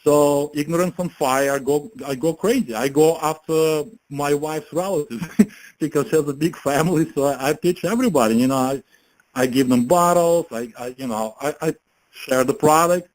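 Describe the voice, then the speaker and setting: A man giving a casual motivational pitch as a network marketing promoter, chatty, laughing often and filling his talk with "you know" and "right?". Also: moderate pace, poor audio. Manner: chatty, laughs often, many fillers and tag questions.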